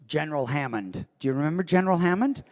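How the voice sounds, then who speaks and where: A man, the guest of honor at a convention, telling an animated, self-amused anecdote from the stage of a convention hall. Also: on the high side, quick pace. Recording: long hall reverb.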